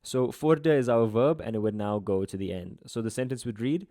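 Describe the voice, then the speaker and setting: A young man, tutoring through an exam paper in a relaxed, slangy, chatty way. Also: medium pitch, a little fast. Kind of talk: casual exam walkthrough.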